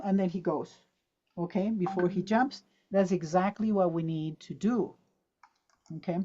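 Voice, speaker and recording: A woman's voice: fairly low pitch, a little slow, dull audio, noisy background. A woman teaching pronunciation in an online talk for teachers. She demonstrates words aloud and keeps quizzing her audience. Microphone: video call.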